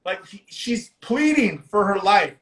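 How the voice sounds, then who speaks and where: A man hosting a casual movie discussion on a livestream, animated and profane as he retells scenes. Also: high-pitched, unhurried, roomy sound. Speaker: podcast host.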